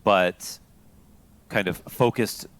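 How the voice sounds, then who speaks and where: Deep-voiced man doing esports analysis. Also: takes it slowly, noisy background. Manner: relaxed explanatory analysis. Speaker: color commentator.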